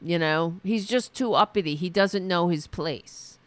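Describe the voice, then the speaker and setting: A high-pitched man, recorded with no room sound, hosts a solo political show and rants furiously with sarcasm and swearing. His speech is halting, full of fillers and restarted sentences.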